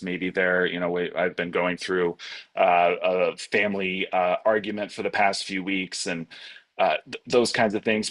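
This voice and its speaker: A man giving a Buddhist dharma talk in a relaxed, rambling way, with many fillers and restarts, over a video call. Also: sits low. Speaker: Buddhist teacher.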